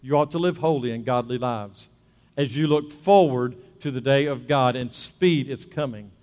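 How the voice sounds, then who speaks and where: A man preaching a sermon as a pastor, alternating between loud emphasis and soft, hushed prayerful passages. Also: mid-range voice, moderate pace, big-room sound. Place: church sanctuary.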